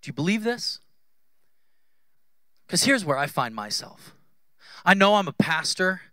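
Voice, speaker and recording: A man in his thirties preaches in a loose, joking way, bouncing into playful voices for the people he quotes. His voice sits very high and sharp. The sound is close and dry. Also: sing-song, unhurried, no echo. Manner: conversational, humorous, acts out quoted voices. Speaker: pastor. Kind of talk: sermon. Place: church.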